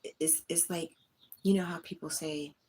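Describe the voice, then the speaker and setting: A woman's voice: sits low, fairly even intonation, normal speed, warm tone, breathy edge. A woman hosting her own livestream, speaking, candidly venting and talking straight to her chat from a small room at home. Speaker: livestream host.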